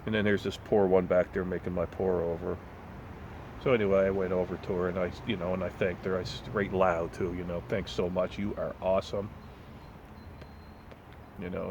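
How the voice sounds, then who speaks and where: Very deep-voiced man ranting, blunt and profane. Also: level tone, fast, creaky, lo-fi sound, noisy background. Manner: blunt, swearing, storytelling with mocking voices. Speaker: vlogger. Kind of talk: profane casual rant.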